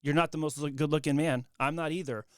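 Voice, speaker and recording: A man's voice: on the high side, fairly even intonation, quick pace, clear, resonant tone, no room sound, clean studio sound. A man in a casual podcast conversation, talking emphatically and encouragingly with many likes. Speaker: videographer guest.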